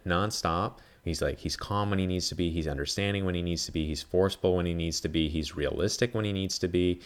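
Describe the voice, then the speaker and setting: A man with a deep, low voice talks through a film in a loose, rambling monologue. He leans on "like" constantly and swears freely as he goes. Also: a bit bright. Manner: rambling, heavy use of "like", frequent swearing. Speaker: podcast host. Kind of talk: casual film review monologue.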